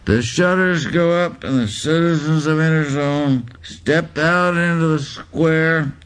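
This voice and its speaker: Slow, deadpan male reader. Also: on the high side, clean tone. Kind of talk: reading literary prose aloud.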